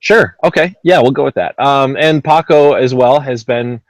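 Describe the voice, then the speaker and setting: A man's voice: medium pitch, normal speed, no echo, low-quality recording. A man hosting a casual gaming podcast, rambling with lots of ums and uhs and poking fun at himself. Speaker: podcast host.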